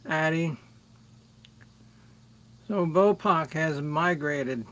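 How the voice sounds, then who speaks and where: A middle-aged man hosting a music livestream, chatting slowly and rambling as he greets viewers by name. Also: a little high, a bit bright. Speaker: livestream music show host. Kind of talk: casual livestream chat with viewers.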